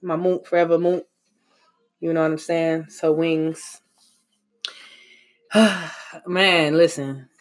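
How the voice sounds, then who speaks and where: A man's voice: fairly high pitch, steady tone, takes it slowly, long pauses. A man talking casually and emotionally to his viewers, reflective, with sighs, slang and restarts. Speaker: vlogger. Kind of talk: casual heartfelt monologue.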